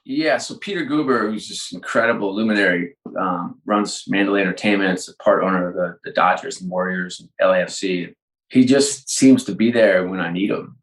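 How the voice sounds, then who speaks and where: A middle-aged sports executive, a business leader, is a guest in a conversational interview, animatedly telling stories and acting out the dialogue. His voice sits low and brisk, with a roomy echo.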